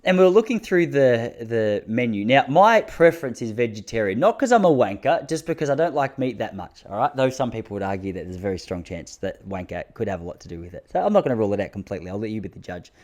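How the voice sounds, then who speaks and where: An Australian man in his thirties, hosting a podcast and telling rambling, self-mocking comic stories with quick asides. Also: on the low side, big pitch swings, a little mellow. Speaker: podcast host. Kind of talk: comic storytelling monologue.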